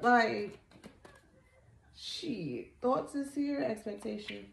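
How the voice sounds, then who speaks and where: Gravelly slow-talking woman tarot reader. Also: medium pitch, roomy sound. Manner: animated, slangy, swearing, repeats herself. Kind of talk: casual tarot reading video.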